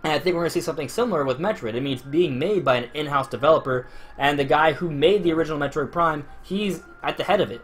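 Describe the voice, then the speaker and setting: A man's voice: a little high, quick pace, slight background noise. A man hosting a casual podcast discussion, talking at length in a rambling way with frequent restarts. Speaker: podcast host.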